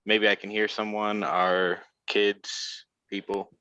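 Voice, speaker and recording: A man playing a tabletop game, thinking out loud and a bit unsure. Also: lowish voice, level tone, slow pace, clear, resonant tone, dry recording, low-quality recording. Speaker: player. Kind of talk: casual tabletop game play.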